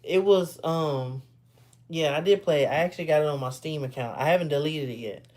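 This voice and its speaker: A man's voice: a little high, brisk, a little mellow. A man in his thirties talks loosely to his viewers from his home computer. He sounds sleepy and stifles yawns. He drifts between thoughts, taking back and fixing what he just said. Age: 30s. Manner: rambling, self-correcting, laid-back. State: sleepy, yawning. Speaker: streamer. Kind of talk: casual live-stream chat.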